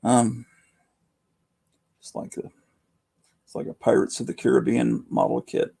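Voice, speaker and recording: A hoarse man in his fifties hosting a rambling, casual late-night livestream from home, keeping his voice down. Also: mid-range voice, monotone, unhurried, warm tone. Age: 50s. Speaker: livestream host.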